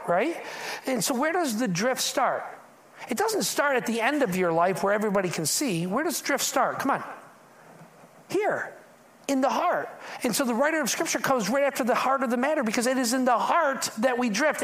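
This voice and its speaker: A man's voice: very high voice, a bit bright. A male pastor delivering a sermon to his congregation. He speaks in an easy, conversational way and keeps asking the room questions. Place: church in front of a congregation.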